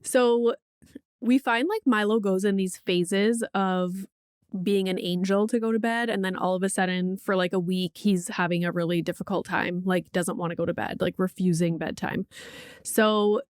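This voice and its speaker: A woman's voice: medium pitch, fairly even intonation, moderate pace, clean tone, no echo, clean studio sound. A woman hosting a podcast in casual chat, telling a parenting story candidly, swearing freely and saying "like" often. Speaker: podcast host; mother of a young child.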